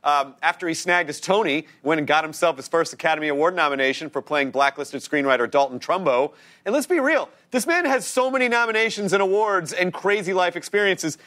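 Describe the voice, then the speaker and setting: Bright, upbeat male talk show host. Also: on the high side. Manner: energetic, enthusiastic, quick asides. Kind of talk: lively TV talk show hosting. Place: TV studio with live audience.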